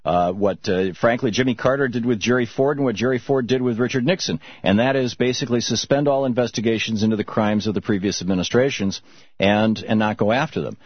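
A middle-aged man from Michigan hosting a call-in radio show, telling stories and answering callers in a halting, reflective way. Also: on the low side, slightly rough, dry recording. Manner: reflective storytelling, halting with restarts. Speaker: radio talk show host. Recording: dull muffled radio broadcast.

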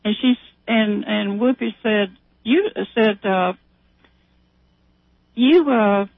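A woman's voice: medium pitch, slow pace, no echo. A woman on a call, chatting casually and retelling a story with many fillers and restarts. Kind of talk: casual chat. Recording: tinny phone line.

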